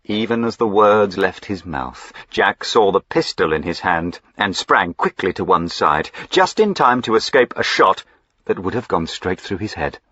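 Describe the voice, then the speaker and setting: A man narrating a historical novel as an audiobook in a measured, even storytelling manner. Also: sits low, breathy edge, no room sound, dull audio.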